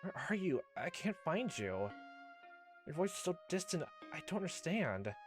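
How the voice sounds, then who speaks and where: A man voicing a gentle girl spirit in a game playthrough, speaking softly and calmly as she calls out. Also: high voice, normal speed, soft background music, voice pushed up. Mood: soft calling. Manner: soft, calm and pleading. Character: gentle faint girl spirit calling from afar.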